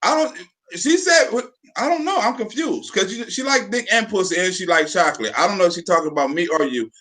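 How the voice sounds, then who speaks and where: High-voiced man teasing with profane jokes. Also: animated, a little fast, bright, forceful tone. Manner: profane, teasing, stammering restarts. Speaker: live stream host. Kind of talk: casual live commentary.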